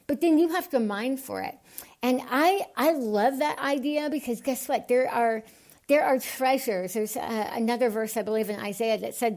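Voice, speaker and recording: A woman from the United States, a podcast guest, speaking with a lisp and an unusual voice altered by tongue surgery, earnest and animated. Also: on the high side, moderate pace. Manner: earnest, animated, gets excited. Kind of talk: podcast interview.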